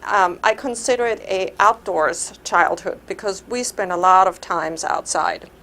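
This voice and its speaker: A woman's voice: medium pitch, measured pace, sharp tone. Austrian-accented woman telling childhood stories. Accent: Austrian German. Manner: conversational, laughs while telling stories. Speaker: club speaker. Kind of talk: personal speech at a meeting.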